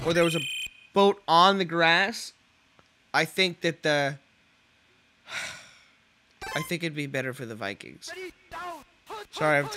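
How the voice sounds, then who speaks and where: A man giving casual, rambling commentary while playing a football video game, swearing and yelling at the screen. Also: on the high side. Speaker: let's play host.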